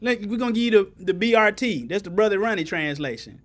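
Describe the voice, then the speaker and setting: High-voiced preacher calling out to the room. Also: male voice, fast. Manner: call-and-response preaching, folksy vernacular, rising to emphatic peaks. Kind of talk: sermon.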